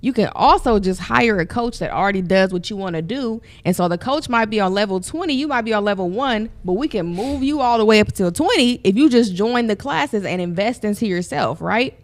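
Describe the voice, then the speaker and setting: A woman's voice: medium pitch, expressive, a little fast, few pauses. A woman host and business coach giving motivational talk, speaking straight to her listeners in an upbeat way. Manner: upbeat, addresses listeners directly, affirming interjections.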